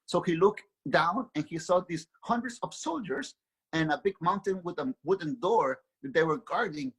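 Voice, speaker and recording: A man's voice: a little high, expressive, moderate pace, fairly bright tone, husky, rough recording. A man, an author and guest, telling a spiritual story earnestly and repeating words as he builds his thoughts.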